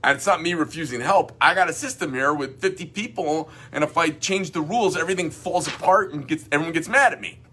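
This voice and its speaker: A man's voice: a little high, fast, hardly any pauses, husky. A middle-aged man who owns a knife company, reading customer emails aloud and commenting bluntly in casual chat. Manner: blunt, rambling, animated asides.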